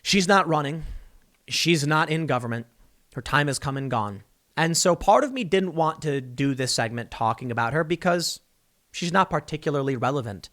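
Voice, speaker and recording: Animated man doing political commentary. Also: fairly high pitch, moderate pace. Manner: emphatic, sarcastic, reads news excerpts aloud.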